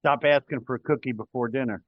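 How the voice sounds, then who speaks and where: A man's voice: mid-range voice, fairly even intonation, fast, muffled recording. A man in the seminar audience calling out short, blunt answers to the presenter.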